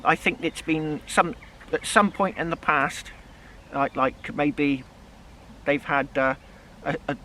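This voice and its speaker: A metal detecting vlogger with a West Country English accent rambles chattily in a casual outdoor vlog, first in a field and later in a pub. His voice is slightly high with a bright tone, and faint background noise can be heard.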